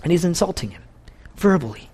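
Lively preacher man telling a story. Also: high-pitched, fairly quick, slightly rough. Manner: animated storytelling, repeating phrases for emphasis. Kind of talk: sermon.

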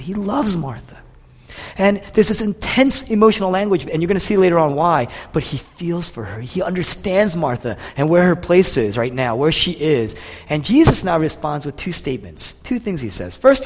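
A man's voice: on the high side, breathy edge. Impassioned preacher man in a reverberant hall. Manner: emotional, builds to impassioned intensity then drops soft. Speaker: pastor. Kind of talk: sermon.

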